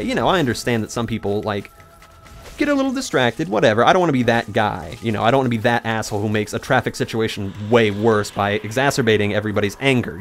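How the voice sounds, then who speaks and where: A young man narrating a rambling personal story while talking back to the video game he is playing. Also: mid-range voice. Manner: rambling, animated, talks to the game mid-story. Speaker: gaming YouTuber. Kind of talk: let's play commentary with storytelling.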